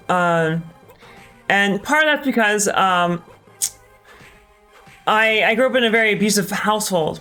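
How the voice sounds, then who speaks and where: A game streamer with a high, pushed, bright voice gives live commentary on his gameplay. He talks casually and candidly, swears often, and hesitates with many ums.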